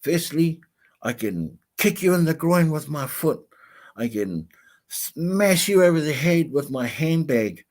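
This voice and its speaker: A man's voice: a little high, expressive, measured pace, a little mellow, voice pushed up. A man doing a feisty old lady listing threats. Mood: defiant. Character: feisty very old woman fending off a mugger.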